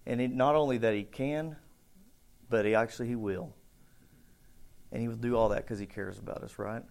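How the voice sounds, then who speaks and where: A man preaching a casual, conversational sermon, acting out bits of the story with shouts and voices. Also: medium pitch, steady tone, moderate pace, vocal fry. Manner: conversational, thinks aloud with restarts. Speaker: pastor.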